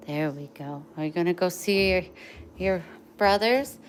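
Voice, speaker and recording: A woman vlogger in a casual home video, talking tenderly with frequent pauses and running short of breath. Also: lowish voice, clean tone. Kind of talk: casual home vlog, talking to her dogs and giving heartfelt advice.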